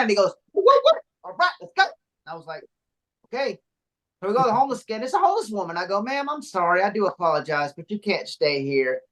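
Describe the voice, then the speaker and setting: A man co-hosting a comedy podcast, telling stories in a relaxed way and mimicking the people he quotes. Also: sits high. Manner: laid-back storyteller who mimics the people he quotes. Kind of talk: casual storytelling chat.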